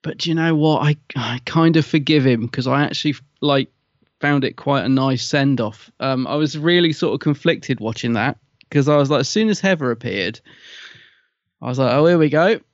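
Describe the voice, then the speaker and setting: A man chatting casually as podcast co-host, thinking aloud and often restarting his sentences. His voice sits at an ordinary pitch. The sound is dull and lo-fi, with a dry, close feel. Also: moderate pace, no echo. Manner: hesitant, conflicted, restarts often. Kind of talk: casual review chat.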